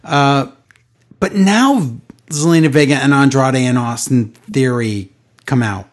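A man's voice: medium pitch, measured pace. A man hosting a casual wrestling podcast, giving sarcastic recaps with mocking impressions. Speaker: podcast host.

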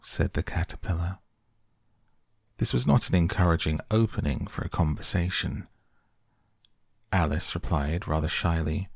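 A man reads a storybook aloud, slow and measured, with a very low voice. His tone is gravelly and husky. The sound is close and dry, with no room around it. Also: no room sound. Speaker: narrator. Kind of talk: audiobook narration.

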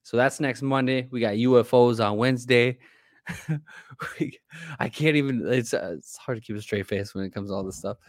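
A man's voice: mid-range voice, normal speed, no room sound, studio quality. A man co-hosting a casual political podcast, rambling with many fillers and restarts. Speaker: podcast co-host.

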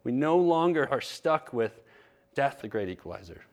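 A man's voice: on the high side, very animated, moderate pace. A man preaching a sermon, telling a candid personal story in a conversational way. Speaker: pastor.

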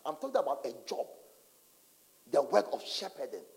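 A man's voice: on the high side, moderate pace, creaky. A man preaching a sermon as a pastor, telling stories dramatically and acting out voices. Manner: animated, dramatic storytelling with acted-out asides. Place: large church hall. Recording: long hall reverb in church.

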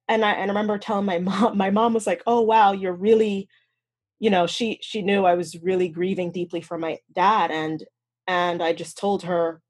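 A woman whose first language is French, speaking as a podcast guest in an earnest, reflective way with animated emphasis. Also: on the low side. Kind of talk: conversational interview.

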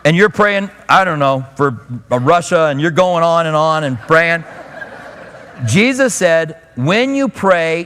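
A man's voice: sits high, lively intonation, normal speed, fairly bright tone, big-room sound. A male pastor preaching a sermon in a conversational way, acting out the voices he quotes. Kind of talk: expository sermon.

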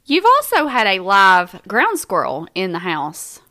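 A woman's voice: medium pitch, huge pitch swings, measured pace, sharp tone. A woman co-hosting a podcast in casual chat, playfully chiming in and joking. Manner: playful, eager, chimes in with jokes. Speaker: podcast co-host.

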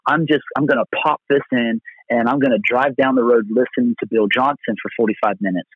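A man from Pennsylvania with a husky, slightly rough voice tells faith stories as a guest evangelist. He speaks earnestly and rambles, often restarting his sentences. His voice comes through a thin, dry, tinny phone line. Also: mid-range voice, steady tone, brisk, dry recording. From Pennsylvania, USA.

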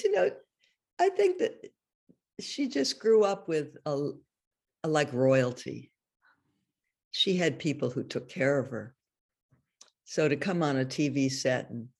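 A woman's voice: extremely low pitch, vocal fry, a little mellow, husky. An older woman, a guest in an interview, telling chatty anecdotes and laughing often as she goes. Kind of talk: casual anecdotal storytelling.

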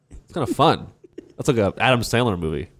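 A man's voice: mid-range voice, no echo. A sleep-deprived man co-hosting a podcast, rambling and giggling in casual chat. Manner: rambling, giggly, jumps into silly bits. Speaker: podcast co-host.

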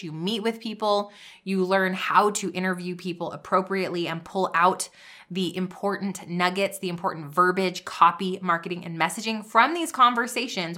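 Bright, peppy woman podcast host. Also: medium pitch. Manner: upbeat, preachy pep-talk delivery. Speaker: podcast host and business coach. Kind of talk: energetic podcast monologue.

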